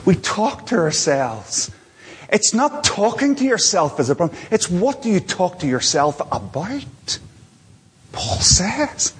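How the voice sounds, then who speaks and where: A man preaching a sermon from a church platform, earnest and repetitive, moving between soft asides and lifted emphasis. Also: medium pitch, breathy edge, long reverb tail.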